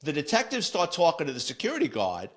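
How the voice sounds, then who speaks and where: A man's voice: fairly high pitch, quick pace. An older former cop tells his stories bluntly and with energy. He slips into the other people's voices as he recounts what they said. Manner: animated, blunt, acts out quoted voices. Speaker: former police officer, podcast host. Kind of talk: casual anecdote storytelling.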